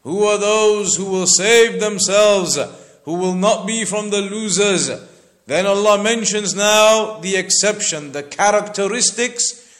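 Slow, high-voiced man teaching scripture. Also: fairly bright tone. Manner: slow, deliberate, repeats points for emphasis. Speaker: Islamic teacher. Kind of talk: Quran explanation lecture.

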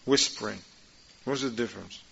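A man teaching a class, reading Arabic passages quickly and then explaining them in informal, conversational English while asking his students questions. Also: medium pitch, vocal fry, bright, forceful tone, husky. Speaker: religious teacher. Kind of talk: class explaining a religious text. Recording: dull lo-fi recording.

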